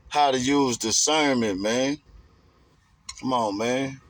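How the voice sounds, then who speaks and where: A man's voice: mid-range voice, slow pace. A man giving a rambling, emphatic casual monologue in streetwise slang.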